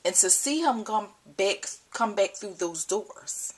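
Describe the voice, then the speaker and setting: A young mother talking to the camera at home, emotional and choked up, halting and repeating herself. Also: mid-range voice, animated, slightly rough. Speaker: mother vlogger. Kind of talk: personal vlog talk. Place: at home indoors. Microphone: camcorder built-in mic.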